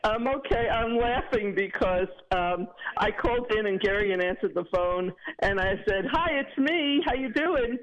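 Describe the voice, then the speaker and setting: A woman's voice: mid-range voice, expressive, normal speed, few pauses. A woman calling in to a radio show, chatting and retelling stories with laughter over a dull phone line. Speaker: caller. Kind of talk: casual phone chat.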